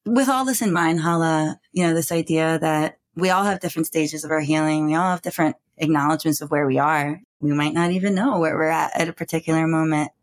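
A woman's voice: deep voice, fairly quick, hardly any pauses. A woman in her forties co-hosting a podcast, talking in a reflective, thoughtful way. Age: 40s. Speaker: podcast co-host. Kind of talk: casual conversation.

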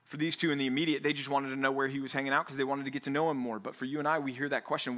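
A male pastor preaching to a men's Bible study, energetic and animated, acting out quotes and building to near shouts when he urges. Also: mid-range voice, rapid-fire, few pauses. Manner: acts out biblical quotes in an animated voice. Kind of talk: sermon.

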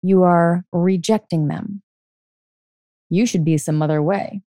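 A woman's voice: lowish voice, steady tone, slow, warm tone, no echo, clean studio sound. A middle-aged woman hosting a solo podcast as a life coach, talking earnestly and often checking in with "okay?".

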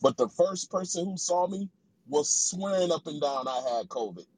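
A man's voice: fairly high pitch, expressive, moderate pace, a little mellow, a little hiss or hum, poor audio. A man on a call-in show telling a story in a plain, matter-of-fact way. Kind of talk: casual chat.

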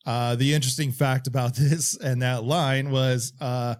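Brief: man, podcast co-host, mid-pitched voice, easygoing trivia talk. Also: a little slow. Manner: relaxed, shares trivia with fillers. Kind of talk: casual movie chat.

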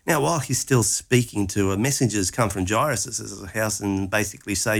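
A man's voice: on the low side, normal speed, gravelly. A man retelling a Gospel story conversationally, acting out its lines with animation.

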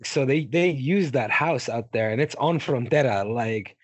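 A man's voice: medium pitch, a little slow, breathy edge, no room sound. A man co-hosting a podcast in casual chat, swearing often and telling stories with animation. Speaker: podcast co-host.

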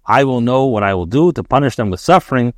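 A man's voice: medium pitch, animated, fast talker, a little mellow, no echo, clean studio sound. A man teaching a daily Torah class, reading short phrases of text and then translating and explaining them in plain English, with fillers and restarts.

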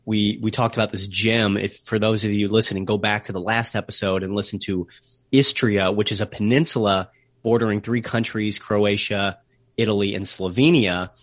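Lower-voiced man explaining travel history. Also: steady tone, no echo, clean studio sound. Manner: explanatory, slows to stress key words. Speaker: travel podcast co-host. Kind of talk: casual podcast chat. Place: remote call recording.

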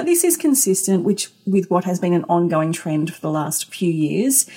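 Husky, emphatic woman podcaster. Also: on the low side, a little mellow. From Australia. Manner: emphatic, conversational, rhetorical questions. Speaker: podcast host. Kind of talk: solo business podcast.

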